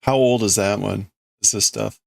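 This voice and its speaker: A man casually chatting on a livestream, talking quickly and laughing easily. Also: fairly low pitch, fairly even intonation, vocal fry, no room sound. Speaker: livestream host.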